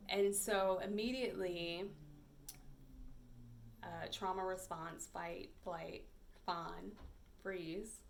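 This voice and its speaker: In a mid-range voice, a female podcast host recounts something personal, pausing often and leaning on fillers as she reflects hesitantly. There's slight background noise.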